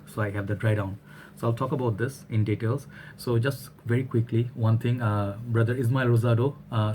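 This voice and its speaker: A man reviewing a perfume in a relaxed, rambling way, tagging his sentences with "all right?". His voice sits fairly low and mellow, and it stays steady and even in pitch. A faint hum of noise sits behind him. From Bangladesh. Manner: chatty and rambling, often checks in with "all right?". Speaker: fragrance reviewer. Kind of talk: casual product review vlog.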